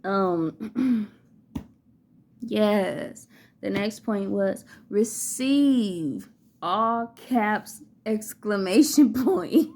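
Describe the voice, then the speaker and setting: A woman's voice: medium pitch, lively intonation, very slow, darkish tone. A woman giving a casual spiritual tarot and oracle card reading, who laughs often and breaks into song.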